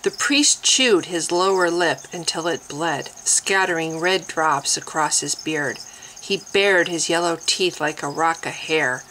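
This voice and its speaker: Audiobook narrator, woman, unhurried and deliberate, bright crisp tone, pitch a bit low. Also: slight background noise, rough recording. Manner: slow, deliberate reading. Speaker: audiobook reader. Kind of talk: fantasy novel narration.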